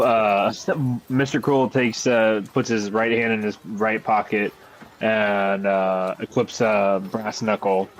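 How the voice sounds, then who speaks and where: Low-voiced man playing a tabletop game. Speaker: player. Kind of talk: casual tabletop play.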